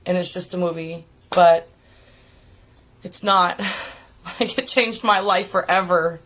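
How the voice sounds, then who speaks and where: A woman sharing an emotional personal testimony, earnest and halting, often close to tears. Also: lowish voice, a bit bright. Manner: earnest, halting, many restarts and fillers. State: tearful, on the verge of crying. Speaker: testimony giver.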